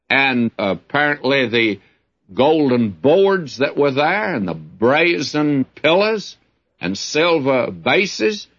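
A man delivers a folksy Bible sermon at a slow, unhurried pace, his voice a little husky. His pitch rises and falls with plenty of life. The recording sounds dull and lo-fi, like an old broadcast tape. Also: a bit bright. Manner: folksy, conversational preaching with rhetorical questions. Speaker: radio Bible teacher.

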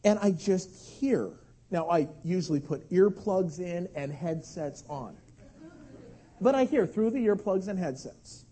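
Animated husky-voiced male preacher. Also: sits high, a little slow. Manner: animated storytelling, acts out screams and shouts. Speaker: pastor. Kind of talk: sermon.

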